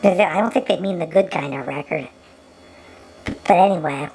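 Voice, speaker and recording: A woman's voice: on the low side, moderate pace, vocal fry, a little mellow, slight background noise, low-quality recording. A woman giving sarcastic running commentary over an old film, often stumbling and repeating her words.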